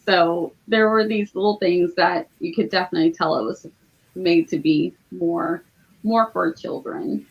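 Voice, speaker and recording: A woman's voice: lowish voice, unhurried, slightly rough. A woman co-hosting a casual book podcast, chatting loosely with frequent fillers. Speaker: book club co-host. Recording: slightly dull lo-fi audio.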